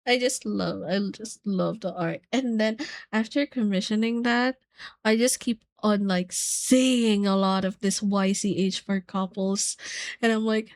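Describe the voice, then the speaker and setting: Giggly young woman streamer, slow and gushing. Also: medium pitch, dry recording. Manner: giggly, squealing, gushing with excitement. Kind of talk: casual stream chat.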